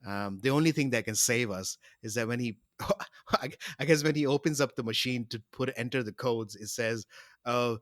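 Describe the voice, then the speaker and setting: A man's voice: mid-range voice, moderate pace, dry recording, studio quality. A man co-hosting a podcast, joking and rambling with plenty of laughter. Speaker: podcast co-host. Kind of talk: casual chat.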